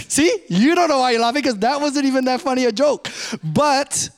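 High-voiced man preaching a sermon. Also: moderate pace. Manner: conversational, self-mocking, varies pace a lot. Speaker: pastor.

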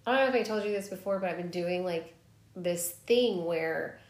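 A woman's voice: on the low side, moderate pace, echoey room. A woman co-hosting a podcast in a playful, giggly, rambling casual chat. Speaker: podcast co-host.

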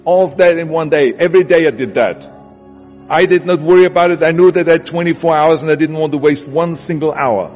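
A man with a German accent delivers an insistent motivational speech, hammering home his points. His voice sits fairly high, and long reverb rolls around him as if he is speaking in a big hall. The sound is dull and muffled, with music playing underneath. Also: a little fast, darkish tone. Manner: emphatic, repetitive, urging. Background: music bed.

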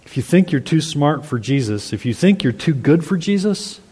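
A man's voice: fairly high pitch, expressive, moderate pace, warm tone, slightly rough. A man preaching an expository sermon, earnest and emphatic, reading scripture aloud and explaining it to the congregation. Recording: long hall reverb.

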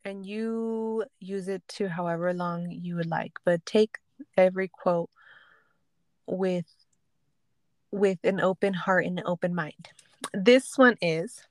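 A woman's voice: lowish voice, takes it slowly, dry recording. Young woman podcast cohost, chatty n swears a lot, dry close sound. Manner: animated storytelling, swears casually. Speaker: podcast co-host. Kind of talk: casual chat.

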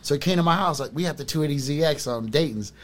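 A man's voice: fairly high pitch, quick pace. A middle-aged man in casual chat, telling long rambling stories in street slang. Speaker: storyteller on a podcast.

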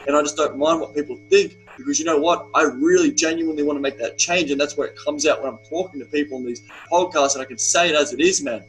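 A man's voice: on the high side, a bit bright, low-quality recording. A young man who coaches men's retreats, talking bluntly and with lots of profanity while telling stories as a guest on a podcast. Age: young adult. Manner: blunt, profane, emphatic storytelling. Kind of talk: podcast conversation.

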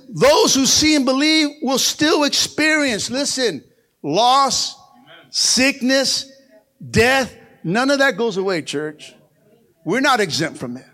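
In a church sanctuary, a male pastor preaches with call-and-response, often saying "come on" and "amen." He swings between loud exclamations and quiet, low passages, laughing often and adding playful asides.

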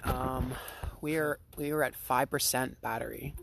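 A man's voice: mid-range voice, fairly even intonation, measured pace, vocal fry, a bit bright. A young man co-hosting a casual podcast, blunt and swearing freely, laughing often, recorded on a handheld phone. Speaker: podcast co-host. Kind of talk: casual chat. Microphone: phone held in hand. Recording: phone recording, faint noise.

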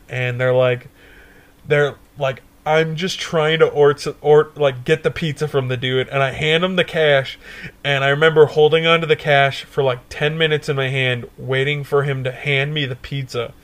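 A man's voice: fairly high pitch, normal speed. Laughing, swearing young man telling stories. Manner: profane, animated storyteller, laughs often. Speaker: podcast co-host. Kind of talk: casual storytelling chat.

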